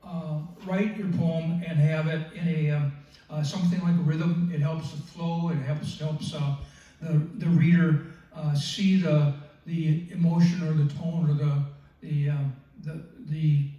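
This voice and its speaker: Halting man, fillers and restarts, dull lo-fi recording, far from mic. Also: on the high side, little pitch movement, mellow. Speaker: writing group member presenting. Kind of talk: workshop talk on poetry. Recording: echoey room, distant mic, dull sound.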